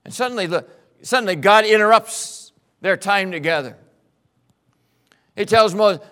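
A man preaching a sermon, telling a story dramatically and swinging between loud bursts and hushed passages. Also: sits high, a little slow, pauses often. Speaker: pastor.

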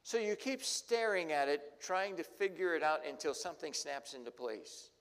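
A man's voice: a little high, normal speed, clean tone. Dramatic storytelling male pastor in a hall. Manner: storytelling, dramatic swings from loud to hushed. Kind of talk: sermon. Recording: long hall reverb.

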